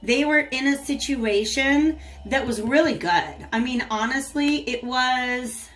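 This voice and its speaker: Chatty higher-voiced woman reading tarot. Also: takes it slowly, fairly bright tone. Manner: chatty, talks to viewers and the cards. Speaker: tarot reader. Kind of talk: casual channeled tarot reading.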